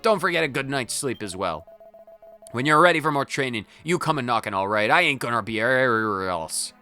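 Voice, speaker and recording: A man voicing a brash, burly martial arts trainer in a video game, bossy and gruff, with a thick put-on accent. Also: mid-range voice, animated, a little fast, bright, forceful tone, faint music behind.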